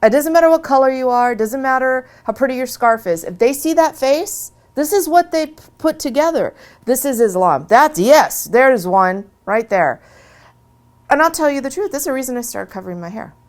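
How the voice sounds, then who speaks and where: A woman telling her own story in a casual, chatty way, animated, with many restarts and asides. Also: sits high, moderate pace. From USA. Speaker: convert sharing her story. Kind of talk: casual testimony.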